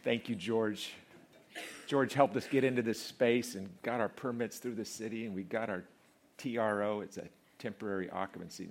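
A male pastor preaching a lively sermon to a congregation in church, swinging from quiet asides to loud, laughing, shouting peaks. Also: mid-range voice, moderate pace. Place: church before a live congregation.

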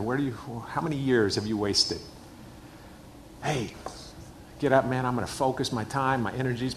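A man's voice: medium pitch, a bit bright, slight background noise. A middle-aged man preaching a sermon in a church, emphatic and repeating his key phrases. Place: church hall with a screen.

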